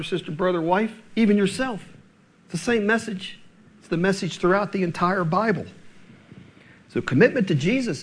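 A male pastor preaching a sermon, emphatic and full of rhetorical questions. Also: fairly high pitch.

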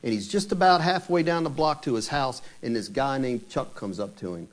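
Speaking straight to his congregation at a moderate pace, a pastor with an ordinary middle-pitched voice retells a story conversationally in his sermon. At key moments he turns dramatic.

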